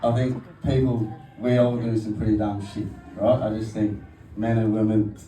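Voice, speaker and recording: A young comedian works through a casual, crude stand-up set before a live audience, often laughing at his own jokes. His voice sits on the low side, level, mellow, and moderately paced, with faint music behind. The venue audio is roomy, noisy, and captured from far off.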